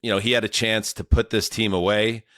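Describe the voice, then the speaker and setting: Low-voiced male podcast host. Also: brisk, dry recording, clean studio sound. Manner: relaxed, many fillers, jokey. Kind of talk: casual sports podcast chat.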